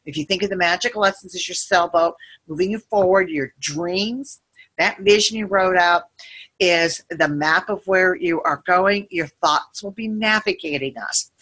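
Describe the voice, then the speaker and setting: A woman with a bright, forward voice and a husky edge to it talks listeners through a guided visualization. She speaks gently and soothingly, drifting between imagery and casual asides. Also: on the low side, normal speed. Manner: meandering, gentle, soothing storytelling. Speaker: meditation guide.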